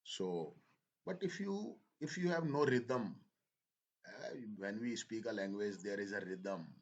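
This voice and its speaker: A male teacher with a lowish voice speaks to his class. He talks slowly, halts and repeats phrases as he explains. He slips into now and then. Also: lively intonation, vocal fry, muffled recording. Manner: slow, halting, repeats phrases, switches into Hindi. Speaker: English teacher. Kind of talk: slow spoken lesson.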